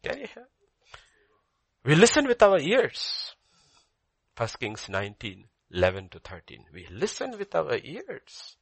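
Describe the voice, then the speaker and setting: An older man preaching a sermon as pastor, swinging between loud emphasis and soft near-whispers and repeating key phrases. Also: medium pitch, huge pitch swings, measured pace, creaky, slightly rough, no echo.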